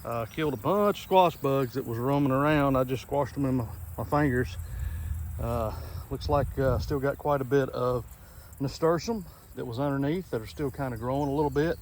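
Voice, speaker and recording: A man's voice: medium pitch, normal speed. Folksy man in his garden. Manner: folksy, relaxed, lots of filler words. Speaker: farm vlogger. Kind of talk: casual walk-through narration. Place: outdoors in a garden. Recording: faint outdoor noise with insects. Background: crickets and insects in the background.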